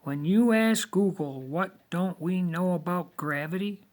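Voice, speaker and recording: A man delivering a lecturing monologue, emphatic and deliberate, with many rhetorical questions. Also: high voice. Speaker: video monologue host.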